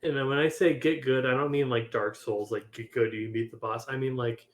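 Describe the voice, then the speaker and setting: A man's voice: mid-range voice, fairly even intonation, fairly quick. A man, a game developer, talking casually in a group voice chat, rambling with many restarts while he has the hiccups.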